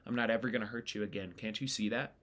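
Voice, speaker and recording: A man's voice: lowish voice, steady tone, fast, a bit bright, slight background noise, lightly acted. A man voicing an earnest, remorseful teenage boy. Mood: pleading.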